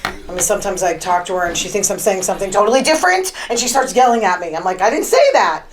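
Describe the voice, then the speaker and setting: A woman podcast host with a fairly low pitch and lively intonation talks fast in a casual monologue on her own show, rambling through stories about her week with lots of fillers. The recording is low quality.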